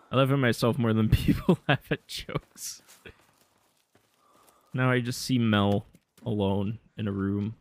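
A man's voice: medium pitch, no echo. Sarcastic joking male game streamer. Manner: sarcastic, deadpan joking, laughs at his own jokes. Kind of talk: casual gameplay commentary.

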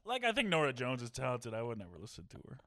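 A man guesting on a comedy podcast, teasing the host in a dry, deadpan way. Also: mid-range voice, fast talker, no echo. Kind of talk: casual comedic chat.

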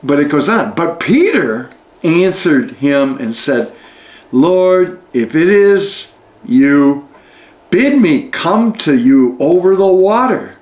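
A man with a somewhat high voice talks very slowly, reading a spiritual text aloud and stopping to reflect on each passage. His tone is explanatory and unhurried, like a teacher guiding a study group. The sound carries a noticeable room echo. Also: big pitch swings, darkish tone. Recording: echoey room.

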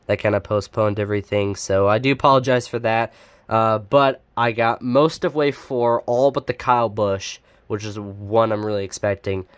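A man talks casually through an unboxing vlog in a fairly low voice. He rambles, stops to correct himself, and fills the gaps with lots of "uh"s. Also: fairly even intonation, normal speed, clear, resonant tone. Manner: chatty and rambling, with many fillers and self-corrections. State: sniffly. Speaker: die-cast collector and YouTuber.

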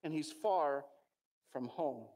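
A man's voice: on the high side, slow pace, darkish tone. A middle-aged man with an American accent, preaching a sermon in a church and telling stories earnestly, with many restarts. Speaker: pastor.

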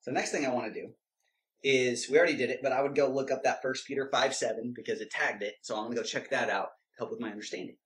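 A man's voice: medium pitch, fairly even intonation, fast talker, fairly bright tone. Emphatic man teaching Bible verses. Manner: emphatic, direct, preachy. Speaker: Christian video teacher.

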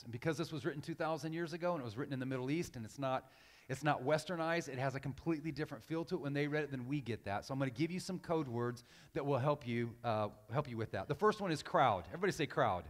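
A middle-aged man preaching as a guest pastor, telling a personal story in a conversational way with frequent restarts, then building in force. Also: fairly high pitch. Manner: conversational storytelling, many restarts, rising louder when preaching. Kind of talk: sermon. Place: church sanctuary. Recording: reverberant hall.

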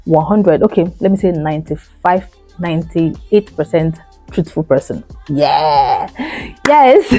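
A woman's voice: low-pitched, animated, a little slow, mellow, faint music behind. A woman, talking casually to camera as a vlogger, emphatic and chatty, repeating her phrases and calling her viewers "girl.".

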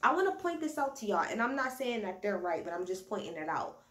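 With a mid-range, somewhat bright voice that swings widely in pitch, this woman talks briskly through a boozy, chatty, profane recap of reality TV. She's indoors at home using only her device's built-in mic, and the room echo comes through.

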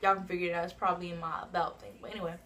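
A woman's voice: fairly low pitch, steady tone, rapid-fire, a bit bright, a little hiss or hum. Chatty woman rambling through a storytime. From New Jersey. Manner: rambling, many "like" and "you know what I'm saying" asides. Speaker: vlogger. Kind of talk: casual storytime.

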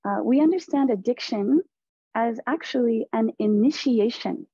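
Husky, warm-toned woman lecturing slowly. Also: fairly high pitch, dry recording. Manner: slow, deliberate, earnest teaching. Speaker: presenter on a teaching panel. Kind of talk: spiritual lecture to therapists. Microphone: video call. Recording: dull lo-fi video call audio.

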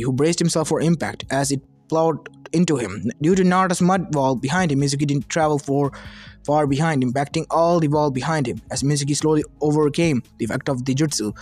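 Brief: male fan fiction reader, slightly high voice, plain delivery, soft lofi music bed. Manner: plain reading with slips. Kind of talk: reading fan fiction aloud.

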